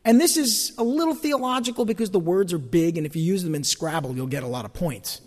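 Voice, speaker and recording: A man preaching a sermon as pastor, animated, with folksy asides. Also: high-pitched, quick pace, in a large hall.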